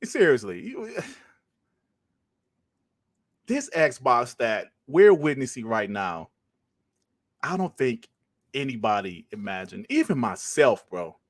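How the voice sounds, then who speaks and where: A man's voice: medium pitch, big pitch swings, takes it slowly, long pauses, no echo. A man hosting a podcast, ranting casually and emphatically, swearing and repeating points for stress. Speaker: podcast host.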